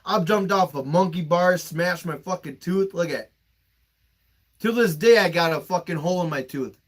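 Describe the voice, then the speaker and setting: A man's voice: high voice, normal speed. A young man with a slightly raised voice tells personal stories on a podcast. He talks candidly and emphatically, swears freely and gets openly emotional. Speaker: podcast host.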